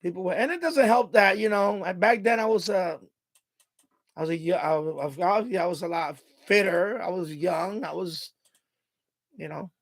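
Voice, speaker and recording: A man's voice: high voice, normal speed, no room sound. A middle-aged man hosting a live stream, telling stories in a rambling, casual way, laughing often and repeating himself. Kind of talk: casual storytelling monologue.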